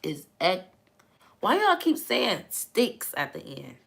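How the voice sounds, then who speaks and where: Gravelly chatty woman reading scripture to viewers. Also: medium pitch, huge pitch swings, slow pace, a bit bright. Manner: laughing, chatty, reads viewer comments aloud. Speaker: livestream host reading the Bible. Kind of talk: casual live chat with viewers.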